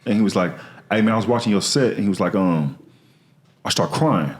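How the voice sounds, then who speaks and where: A man's voice: on the low side, fairly quick. A man, a comedian guest on a podcast, telling candid, slangy and earnest stories from his life in casual conversation.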